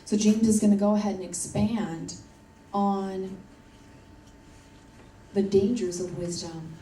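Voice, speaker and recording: A woman's voice: mid-range voice, fairly even intonation, takes it slowly, warm tone, a little hiss or hum. A woman preaching a sermon in an earnest, emphatic way, repeating her key points. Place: church hall. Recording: roomy church audio from a distance.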